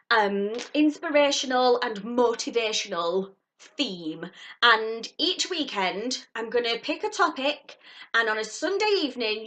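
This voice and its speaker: A high, bright woman chats excitedly to camera while unboxing a subscription box. Her pitch leaps all over the place and she gushes at each new item. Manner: gushing and excitable, squeals at surprises. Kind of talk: casual unboxing chat to camera.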